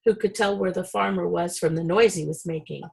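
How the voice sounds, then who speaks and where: Gravelly woman reading a storybook. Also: fairly low pitch, fairly quick, a little mellow, low-quality recording. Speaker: reader.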